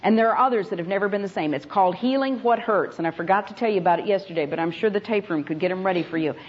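A woman's voice: mid-range voice, racing, a little hiss or hum. Woman preaching on a dull lo-fi tape. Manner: emphatic storytelling, addressing the audience directly. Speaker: Bible teacher at a conference. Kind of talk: sermon.

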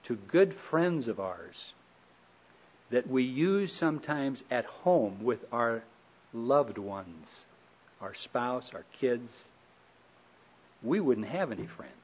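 A middle-aged man giving a relaxed, folksy talk on marriage, telling stories with gentle humor. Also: medium pitch, slow pace, pauses often, breathy edge. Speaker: speaker on marriage. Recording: dull lo-fi recording.

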